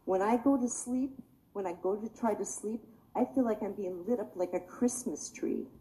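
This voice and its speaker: A woman's voice: medium pitch, normal speed, warm tone, a little hiss or hum, low-quality recording. A woman giving emotional, pleading testimony at a public meeting, sounding tired. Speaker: public commenter.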